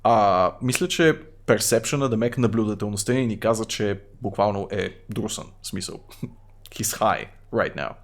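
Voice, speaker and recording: A man with a Bulgarian accent streaming a game, reading its text aloud and adding quick, half-joking asides. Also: on the low side. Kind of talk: live gameplay commentary, reading game text.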